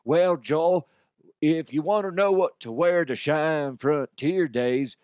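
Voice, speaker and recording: A man voicing a loud, brash, crude cowboy character with a hollering, swaggering manner. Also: a little high, slow, clean tone, dry recording. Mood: boastful.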